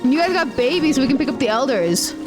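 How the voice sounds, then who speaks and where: A woman's voice: high voice, lively intonation, quick pace, music in the background. A woman streaming a game in casual commentary, chatty and cursing freely, cooing baby talk at her pets. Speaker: gaming streamer.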